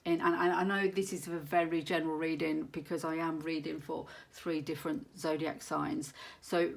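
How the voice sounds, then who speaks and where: A woman's voice: low-pitched, level tone, moderate pace, vocal fry. A woman giving a monthly tarot reading to viewers, talking in an earnest, meandering way and searching aloud for her words. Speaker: tarot reader.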